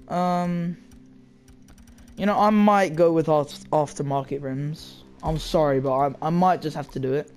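A man's voice: a little high, fairly even intonation, moderate pace. A young man giving casual, rambling gameplay commentary from his chair at home, full of slang and asides to his viewers. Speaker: gaming video creator. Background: loud game music.

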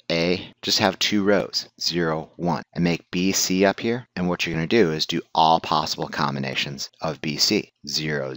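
A man's voice: deep voice, a bit bright, no room sound. A male instructor giving a recorded lecture, blunt and joking, who asks questions and then answers them.

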